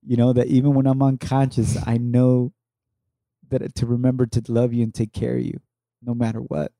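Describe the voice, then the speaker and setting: Earnest middle-aged man, mellow voice. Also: medium pitch, completely flat delivery, moderate pace, creaky, dry recording, studio quality. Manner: earnest, reflective, encouraging. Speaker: podcast co-host. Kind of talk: heartfelt conversation with his wife.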